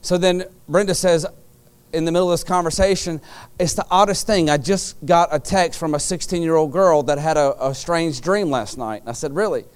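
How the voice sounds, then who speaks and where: A man preaches in a church with a high, smooth and resonant voice. He tells his story vividly, acting out other people's lines loudly and then dropping low and quiet to stress a point. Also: normal speed. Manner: storytelling, acts out quoted lines with sudden loud jumps. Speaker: pastor. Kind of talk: sermon. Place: church sanctuary.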